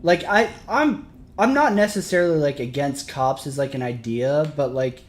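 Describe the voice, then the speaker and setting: A man's voice: fairly high pitch, normal speed. A man, a military veteran, chatting casually on a stream and ranting with lots of profanity. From Michigan. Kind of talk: casual chat.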